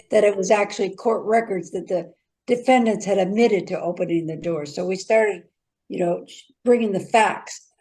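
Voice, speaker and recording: Woman panelist, casual, brisk, mid-pitched. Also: a little mellow, low-quality recording.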